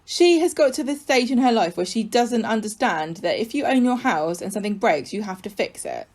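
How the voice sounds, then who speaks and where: A woman co-hosting a casual chat podcast about a soap opera, blunt and opinionated, quick to exclaim. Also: a little high, lively intonation, darkish tone. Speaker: podcast co-host.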